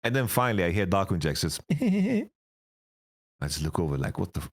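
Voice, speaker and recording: A man in his thirties, a guest telling profane, rambling stories in a casual interview, his voice getting raspy. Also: deep voice, huge pitch swings, moderate pace. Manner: rambling, profane, laughing storyteller. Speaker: esports coach, interview guest.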